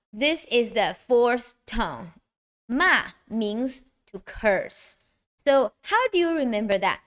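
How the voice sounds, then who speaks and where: A woman with a Mandarin Chinese accent teaching a beginner language lesson, speaking slowly and clearly and exaggerating the tones for learners. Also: fairly high pitch, fairly bright tone.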